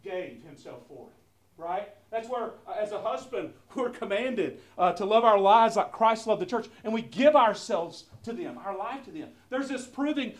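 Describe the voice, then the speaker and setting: A pastor preaching a sermon, asking the congregation questions, swinging from soft asides to loud, emphatic stretches with many fillers and repeats. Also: male voice, sits high, moderate pace, reverberant, recorded from a distance. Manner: animated call-and-response preaching, asks the congregation questions; conversational with frequent fillers and repeated words.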